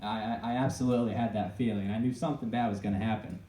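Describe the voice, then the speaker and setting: A young man giving an earnest personal testimony to an audience, halting and often restarting his sentences. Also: fairly low pitch, fairly even intonation, mellow. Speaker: speaker telling his own story. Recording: echoey room, voice picked up from a distance.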